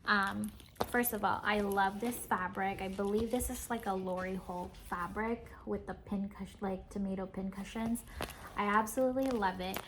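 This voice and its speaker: A woman's voice: mid-range voice, steady tone, normal speed, a bit bright, a little hiss or hum. A woman chatting casually as a craft vlogger, showing off her purchases and giggling as she talks, with lots of "like"s. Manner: chatty, giggly, says "like" often. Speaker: cross-stitch vlogger. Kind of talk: casual show-and-tell chat.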